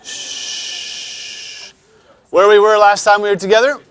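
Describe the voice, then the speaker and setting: A man lectures a class in a high, chatty voice, stopping now and then to explain terms. The sound is close and dry. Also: steady tone, a bit bright, smooth, dry recording. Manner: conversational, repeats words, frequent pauses to explain. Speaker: teacher.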